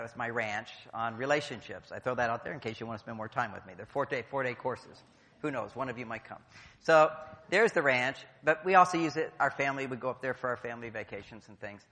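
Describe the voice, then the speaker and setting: A man's voice: mid-range voice, pushed and bright. Joking man speaking in a reverberant hall. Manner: playful, jokey, acts out quotes. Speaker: speaker at a conference. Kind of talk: motivational talk to a live audience. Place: large hall.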